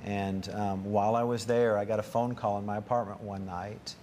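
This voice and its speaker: Male guest, lowish voice, storytelling testimony, light background noise. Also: steady tone, normal speed, a little mellow. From United States. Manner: storytelling, acts out quoted dialogue. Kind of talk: testimony on a talk show.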